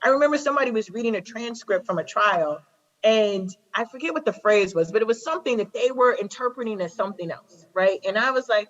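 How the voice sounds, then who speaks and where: A woman's voice: a little high, lively intonation, fairly quick. A woman in her forties from Chicago, a prosecutor speaking as a guest, telling stories with emphasis and repeating her key phrases. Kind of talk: impassioned conversational talk. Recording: slightly dull lo-fi recording.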